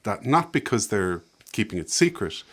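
A man's voice: lowish voice, sing-song, moderate pace, a bit bright. A man talking reflectively as a guest about his book, often hesitating and laughing. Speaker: author and guest. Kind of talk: casual conversation.

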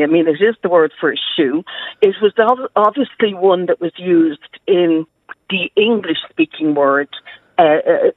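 A woman's voice: on the low side, dry recording. An Irish woman historian, a guest on a radio interview, talking in a chatty, enthusiastic way and laughing often, heard over a tinny phone line.

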